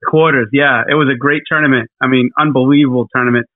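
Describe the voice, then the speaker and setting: A man's voice: medium pitch, steady tone, fast talker, no echo. Rambling man over a tinny phone line. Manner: rambling, hesitant, many fillers. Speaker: podcast co-host. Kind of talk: casual podcast chat.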